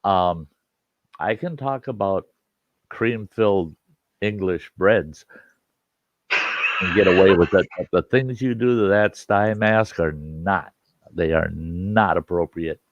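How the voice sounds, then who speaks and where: A man's voice: low voice, takes it slowly, no room sound. A man in his sixties hosting a casual live-stream chat, joking and rambling, often repeating his words. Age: 60s. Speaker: host. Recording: dull, dry lo-fi sound.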